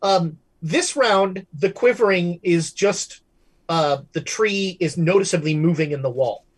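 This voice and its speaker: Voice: medium pitch, a little slow, slightly rough, rough recording. A game master running a tabletop horror game for players, talking loosely with many fillers and restarts.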